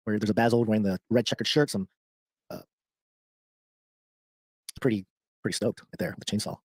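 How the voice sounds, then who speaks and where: A man's voice: on the low side, fairly even intonation, brisk, no room sound. A man co-hosting a podcast who rambles, restarts his sentences and laughs easily. He is a father of young children. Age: adult with young children. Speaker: podcast co-host. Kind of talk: casual chat.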